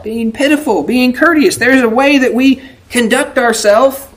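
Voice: high-pitched, a little slow, hardly any pauses. A preacher giving a conversational sermon in a folksy way, often asking the congregation "right?" and acting out quoted prayers. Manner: folksy, keeps asking "right?" to check in with listeners; acts out quoted prayers and remarks in a raised voice.

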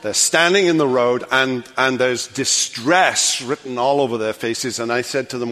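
An older man preaching a sermon as pastor, swinging from loud, animated passages to hushed, quiet endings. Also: mid-range voice, normal speed, in a large hall. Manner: animated preaching, rising loud then dropping to hush. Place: church sanctuary.

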